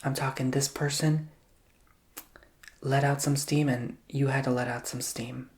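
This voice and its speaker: A man giving a chatty, theatrical ASMR tarot reading that keeps dropping into soft whispers. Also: mid-range voice, level tone, a little slow.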